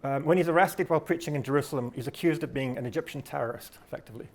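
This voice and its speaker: A man's voice: medium pitch, racing, vocal fry. A Scottish man from Scotland giving a reflective, lecturing talk, often restarting his phrases. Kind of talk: delivered talk.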